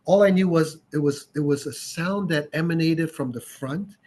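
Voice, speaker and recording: A man from Canada, a guest on a podcast, calmly recalling how he first got into audio equipment. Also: a little high, moderate pace. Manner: reflective, thoughtful explanations. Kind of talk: casual interview chat.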